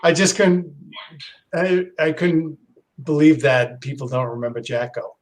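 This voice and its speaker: A man's voice: fairly high pitch, measured pace. A man co-hosting a casual livestream, rambling fondly about old shows with many restarts. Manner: rambling, fond of nostalgia, stumbles and restarts. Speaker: regular co-host. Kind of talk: casual chat. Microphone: headphones with a computer mic on a call.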